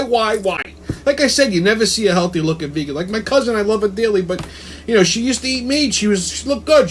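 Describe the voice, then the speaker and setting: High-voiced profane ranting man. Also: fairly bright tone, a little hiss or hum. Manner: profane, emphatic, repeats words. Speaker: host. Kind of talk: comedic rant to camera.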